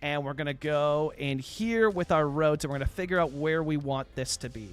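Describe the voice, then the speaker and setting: Over soft background music, a young Canadian from British Columbia chats on a live city-building game stream in a smooth, somewhat high voice at a moderate pace. He rambles casually and uses lots of fillers when replying to viewers.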